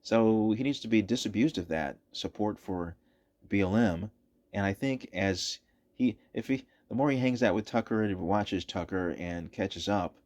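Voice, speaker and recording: Emphatic low-voiced male commentator. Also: normal speed, a little mellow. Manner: emphatic, repeats points for stress. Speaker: political commentator. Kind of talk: opinionated commentary over footage.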